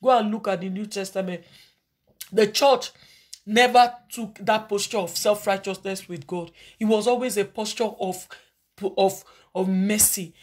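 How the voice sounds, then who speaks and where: A woman's voice: mid-range voice, steady tone, measured pace, a little mellow. A woman pastor preaching and leading a congregation in earnest, pleading prayer, repeating short phrases of confession. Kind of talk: sermon with led prayer.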